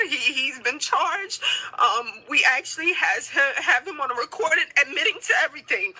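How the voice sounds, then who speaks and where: A woman speaking out in an impassioned public appeal, crying and outraged, repeating herself and often breaking into shouts. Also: high voice, lively intonation, moderate pace, low-quality recording. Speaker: family member speaking out.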